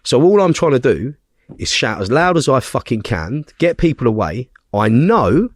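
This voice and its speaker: A podcast guest with a mid-range voice tells a story at normal speed in casual conversation, bluntly and with heavy swearing. His retelling is animated, and he checks in with the listener using tag questions. The sound is clean studio quality with no room sound.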